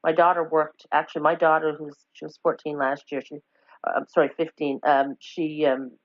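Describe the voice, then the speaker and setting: Low-voiced woman, rambling storyteller. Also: flat delivery, normal speed, dry recording. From Newfoundland, Canada. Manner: rambling, self-correcting, warm storytelling with laughs. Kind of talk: casual conversation. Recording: dull, dry lo-fi podcast audio.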